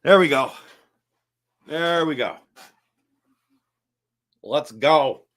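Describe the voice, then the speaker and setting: A man hosting a casual live stream, reading chat comments aloud and answering them in an animated, chatty way with frequent restarts. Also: on the high side, drawn-out words. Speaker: livestream host reading chat.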